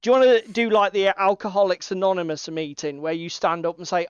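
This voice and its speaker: Swearing man, smooth dry voice. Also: high voice, steady tone, a little fast, no room sound, highs cut off. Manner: swearing, rambling, laughs often. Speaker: co-host. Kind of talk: casual livestream chat.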